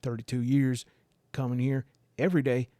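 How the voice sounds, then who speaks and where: A man's voice: mid-range voice, little pitch movement, normal speed, mellow, no echo, studio quality, close to an everyday voice. A man voicing a nosy, overfamiliar young man who stammers and rambles. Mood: worried.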